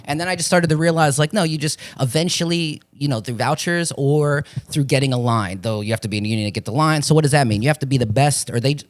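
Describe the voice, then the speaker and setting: A young man from Florida talks fast and loose in a casual chat, swearing freely as he tells his stories. He acts out the other people's voices as he goes. His pitch sits mid-range for a man. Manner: rambling storytelling, profane, acts out voices. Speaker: podcast guest, actor.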